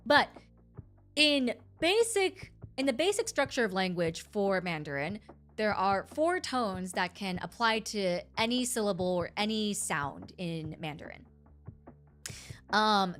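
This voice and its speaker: Speaking at a medium pitch, this female streamer chats with her audience in a lively, wandering way, frequently stopping mid-sentence to fix what she just said.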